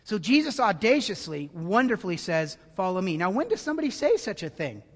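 A pastor with a high-pitched voice delivers an animated sermon. He drops to hushed tones and then rises to near-shouts. His voice rings with long reverb in a large hall. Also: a little fast.

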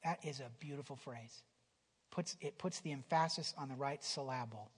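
A man preaching a sermon in a conversational way, restarting phrases and swinging from loud emphasis down to a near whisper, in a church hall. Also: medium pitch, moderate pace, breathy edge. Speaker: pastor. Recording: long hall reverb.

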